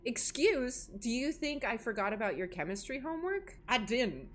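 With a slightly high, sing-song voice at normal speed, a young gaming video host plays a horror game, cracking jokes, reacting dramatically and chatting to herself and the game. Slight background noise sits behind her.

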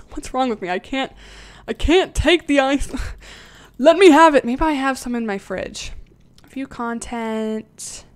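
A young woman livestreaming a game, chatting casually, thinking aloud and giggling often as she reads her chat. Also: high voice.

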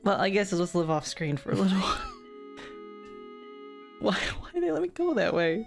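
A woman live-streams her first run of an old game, chatting casually and breaking into laughter often. Her voice swings up and down with animation, and she swears in a playful way. Soft game music plays faintly behind her. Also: medium pitch, very animated, a little fast, gravelly.

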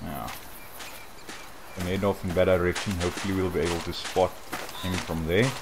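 A man casually commenting on his hunting game in a soft, slightly awkward, rambling way. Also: sits low, level tone, normal speed, noisy background. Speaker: gaming channel host.

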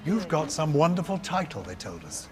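A man's voice: a little high, sing-song, moderate pace. Playful man presenting a travel show. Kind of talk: travel show chat and narration.

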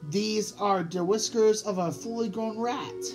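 A woman reading the part of a big male rat gang leader who speaks quietly and menacingly, with music playing behind. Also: mid-range voice, a little slow, pitched above the performer's own voice, lightly acted, low-quality recording. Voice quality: snarling, hissing. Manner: quiet and threatening.

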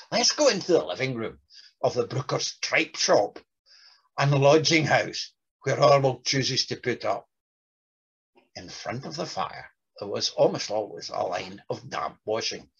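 Male lecturer, very husky and gravelly, lively pitch, dull lo-fi sound. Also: measured pace. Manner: reads quotes with lively voices. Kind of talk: talk with dramatic readings.

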